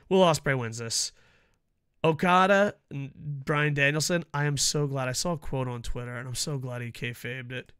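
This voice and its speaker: Guy ranting about wrestling, swears nonstop, bright sharp voice, goes loud then mutters. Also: mid-range voice, moderate pace, clean tone. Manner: profane, mocking, jumps from shouting to mutters. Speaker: wrestling vlogger. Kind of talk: casual wrestling preview rant.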